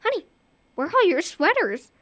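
An exasperated mom, scolding in a high voice that climbs as her patience runs out, as a woman storyteller puts her on. Bright and sharp, recorded close and dry. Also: big pitch swings, moderate pace, dry recording, exaggerated voice. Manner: scolding, rising to shrill alarm. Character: exasperated mother, later frightened.

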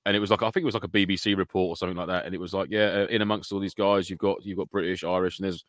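A British man co-hosting a casual podcast, telling stories in a quick, jokey way. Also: low-pitched, fairly even intonation, dry recording, studio quality. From United Kingdom. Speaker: podcast co-host.

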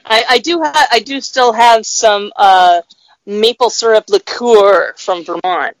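A woman chats casually on a podcast, breaking in with quick agreeing asides. Her voice is a little high. The sound is dry and close, with no room around it. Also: no echo, poor audio. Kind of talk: casual chat.

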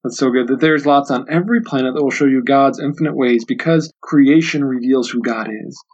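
A man's voice: mid-range voice, brisk, a little mellow. A man hosting a book discussion podcast, talking earnestly and often repeating himself as he thinks aloud. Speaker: podcast host. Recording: dull lo-fi sound.

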